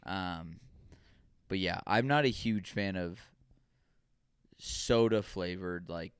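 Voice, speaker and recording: A man's voice: low voice, slow pace, clean tone, no echo. A man co-hosting a casual podcast, telling rambling stories and acting out quoted dialogue. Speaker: podcast co-host.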